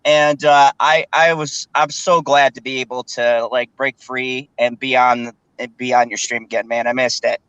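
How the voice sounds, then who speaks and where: A man co-hosting a stream, ranting in an animated way with frequent stammers. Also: mid-range voice, normal speed, hardly any pauses, smooth, dry recording, poor audio. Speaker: regular co-host. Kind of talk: casual ranting chat.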